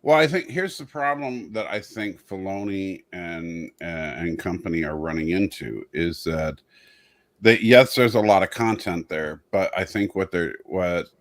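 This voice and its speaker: A man's voice: deep voice, measured pace. A man in casual discussion, talking eagerly and thinking aloud with lots of fillers.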